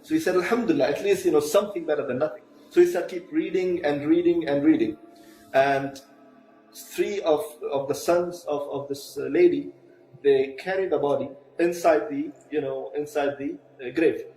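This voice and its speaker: Male preacher, mellow tone, roomy echo, soft music underneath. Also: on the high side, moderate pace. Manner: retells a story with quoted dialogue, many fillers. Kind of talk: storytelling sermon. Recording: echoey room with faint music.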